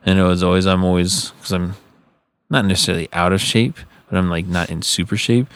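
A young man with a lowish voice chats and jokes on a podcast, laughing often. He tells stories about his family with easy humor. The recording is close and dry. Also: fairly even intonation, fairly quick, fairly bright tone, clear, resonant tone, no echo. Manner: jokey, laughs a lot, does voices of relatives. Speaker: podcast co-host. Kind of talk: casual chat.

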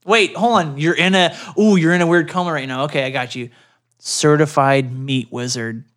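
A podcast co-host with a bright, keen-edged voice that rises and falls a great deal. Teases the other host playfully and laughs often, in a loose, casual chat. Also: medium pitch, animated, fast talker.

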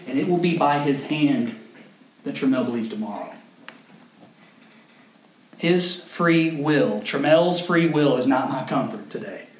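A male pastor preaching a sermon, telling a story and rising to fervent emphasis. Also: medium pitch. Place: church sanctuary. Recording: echoey church hall with faint noise.

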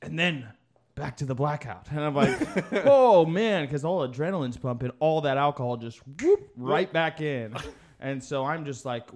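A man's voice: on the high side, normal speed. A young man in casual podcast chat, telling a story with laughter and acting out other people's voices.

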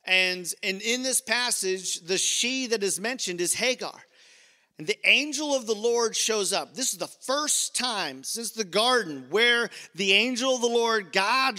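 Pastor, man: high bright tone, chatty and playful in the pulpit. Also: big-room sound. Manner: conversational, playful asides to the congregation. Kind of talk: sermon.

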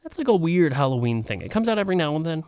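A man's voice: fairly high pitch, sing-song, racing, clean tone, no echo, studio quality. Blunt, teasing man in casual chat. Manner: blunt, teasing, with dark jokes. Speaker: podcast co-host.

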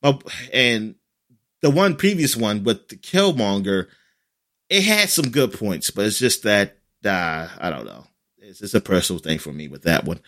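A man in casual chat, recapping an episode in a rambling way with lots of fillers and lively quoted lines. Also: on the low side, normal speed.

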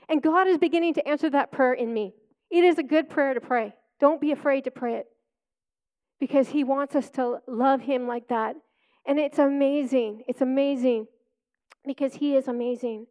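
High-voiced woman telling a testimony. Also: moderate pace, darkish tone. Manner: chatty storytelling with frequent laughs. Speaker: preacher. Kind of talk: personal testimony sermon.

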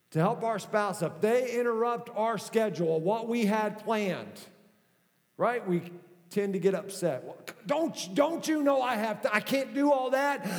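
Casting: middle-aged man, pastor, lively conversational sermon, higher-pitched voice, reverb of a big hall. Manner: conversational, animated preaching with acted-out quotes.

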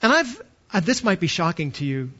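A man in his fifties delivers a sermon in a notably high voice. He presses his points with emphatic, slowed stresses and rhetorical questions. The recording sounds muffled and lo-fi. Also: very animated, pushed and bright, slightly rough. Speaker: pastor.

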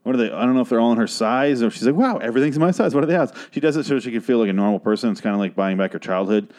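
A man hosting a podcast, recapping a TV episode in a rambling, sarcastic, profane rant, his voice a little hoarse. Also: fairly low pitch, fairly even intonation, very fast, darkish tone. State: voice getting hoarse.

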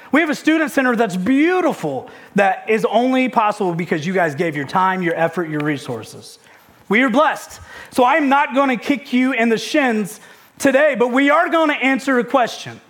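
A man in his thirties gives a sermon from the pulpit. His voice sits high for a man. He tells a story about his family, acts out the dialogue, and often repeats words as he gets caught up in it. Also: a bit bright. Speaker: pastor.

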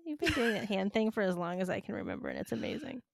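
A woman's voice: mid-range voice, huge pitch swings, fast talker, creaky, no echo. A woman co-hosting a podcast in casual chat, wry and teasing as she talks. Her voice sits in a middle range for a woman. The recording is dry and close. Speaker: podcast co-host.

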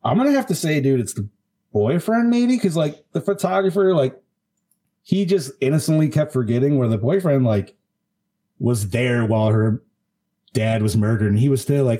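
Mellow-voiced man musing in profane chat. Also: mid-range voice, animated, moderate pace. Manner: profane, musing, trails off mid-thought. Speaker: podcast co-host. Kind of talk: casual movie-review chat.

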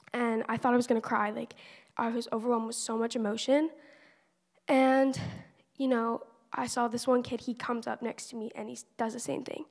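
Teen girl, slightly high voice with gravelly fry, earnest testimony, long reverb of a church hall. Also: darkish tone. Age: teenager. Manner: earnest, conversational, many "like" fillers. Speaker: church member giving a testimony. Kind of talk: personal faith testimony.

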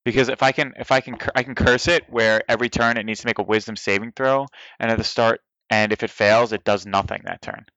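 Bright-voiced excitable man. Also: medium pitch, dry recording, highs cut off. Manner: excitable, quick to exclaim. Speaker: player. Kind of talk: casual tabletop game play.

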